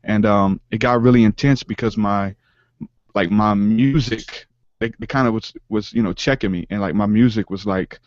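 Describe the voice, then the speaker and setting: A man telling a personal spiritual story in an interview, earnest and halting, with many fillers and restarts. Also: on the low side, no room sound, muffled recording. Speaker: podcast guest, rapper.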